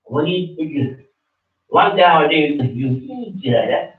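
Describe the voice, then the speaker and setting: A man's voice: a little high, a little slow. A man preaching a fiery street-style sermon, scolding and swearing, with phrases said again and again. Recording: muffled, distant, echoey room.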